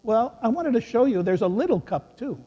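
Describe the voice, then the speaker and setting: A man, a priest, giving a gentle children's sermon in a church, telling a story and chuckling with the kids. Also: very high-pitched, sing-song, normal speed, husky, dull audio. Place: large church. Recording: echoey church hall.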